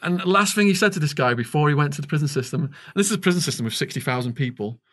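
A man's voice: fairly high pitch, animated, racing, a bit bright. A middle-aged English man, a podcast guest, telling a long story and acting out the quoted dialogue. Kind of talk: storytelling interview.

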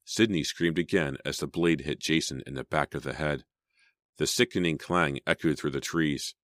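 A man's voice: very deep voice, moderate pace, fairly bright tone, no echo, clean studio sound. A man reading a horror audiobook in a dramatic, suspenseful storytelling style. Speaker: audiobook narrator. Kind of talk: scripted audiobook narration.

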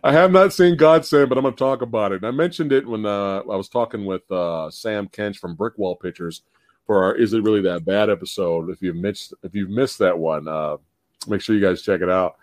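A man hosting a casual live-stream podcast about movies, animated, laughing often and swearing casually. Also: fairly low pitch, brisk, dry recording. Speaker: podcast host.

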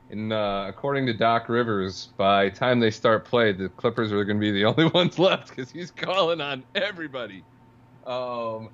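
Male sports podcast co-host, sarcastic and wry, mid-pitched, dull lo-fi recording. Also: a bit bright. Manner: dry, sarcastic, laughs while talking. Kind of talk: casual sports podcast chat.

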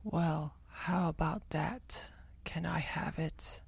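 A man voicing a pale, gaunt vampire in an audio horror story, with a raspy, whispery voice and long drawn-out s sounds. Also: a little high, no echo, voice pushed up, full character voice. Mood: eerie whisper. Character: pale gaunt vampire, creepy and soft-spoken.

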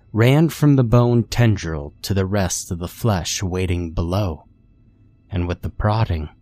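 A man narrates a horror story in a calm, measured reading. His voice is very low and he takes his time with each line. Faint music plays underneath.

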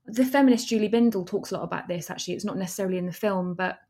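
A woman's voice: medium pitch, rapid-fire, mellow. A woman, a documentary filmmaker, answering interview questions in an earnest, explanatory way.

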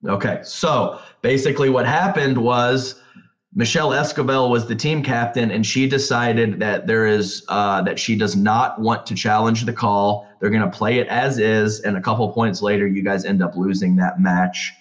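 Host: a man with a low voice on a muffled, lo-fi mic; loose, filler-heavy questions. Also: steady tone, moderate pace. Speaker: podcast host and commentator. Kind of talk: casual podcast chat.

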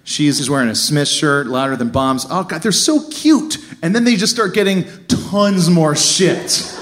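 A man telling a funny true story on stage, animated and laughing as he goes. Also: a little high, unhurried. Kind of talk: live comic storytelling.

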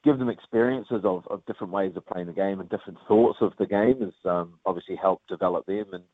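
A man with a New Zealand accent, a rugby player chatting casually in an interview, relaxed with lots of fillers. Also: deep voice, fast talker, no echo. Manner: relaxed, many fillers, says mate often. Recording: tinny phone line, dry.

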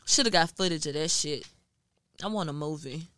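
A woman's voice: low-pitched, moderate pace, dry recording, clean studio sound. Brash, swearing woman from Houston. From Houston, Texas. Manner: profane, animated storytelling with acted-out quotes. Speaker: guest media journalist. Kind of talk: casual podcast chat.

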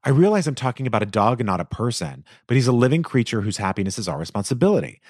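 A man hosting an advice podcast, reading a listener's letter aloud with animated, expressive delivery and the odd aside. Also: mid-range voice, very fast, no echo, studio quality.

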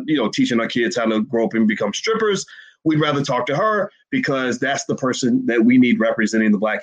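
Husky-voiced man giving emphatic commentary. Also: mid-range voice, poor audio. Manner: emphatic, repetitive, rhetorical questions. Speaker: finance commentator. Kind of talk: livestream commentary to a chat.

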